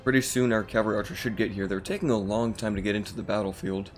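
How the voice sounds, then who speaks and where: Speaking fast in a lowish, slightly rough morning voice, a man hosting his channel rambles easily about a strategy game, leaning on fillers, with faint music underneath.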